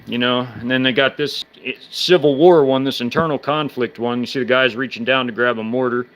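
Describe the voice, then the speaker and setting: Halting, rambling man chatting on stream. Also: medium pitch, fairly even intonation, a bit bright. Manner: halting, many restarts and fillers, speech slurs when fast. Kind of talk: casual live-stream chat.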